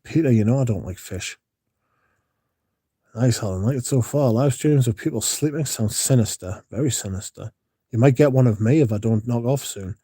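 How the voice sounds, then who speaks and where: A man's voice: mid-range voice, normal speed, warm tone, husky. A man, hosting a livestream and chatting casually with his chat in a drowsy, rambling way. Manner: drowsy, yawning, mumbles at times. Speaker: livestream host reading chat.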